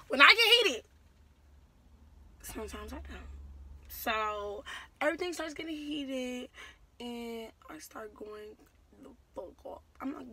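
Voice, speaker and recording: A young woman telling a story on her vlog, slangy and rambling, getting loud and heated as she goes. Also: sits high, a little slow, long pauses, slightly rough. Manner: animated and loud, builds to shouting in quoted exchanges. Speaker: vlogger.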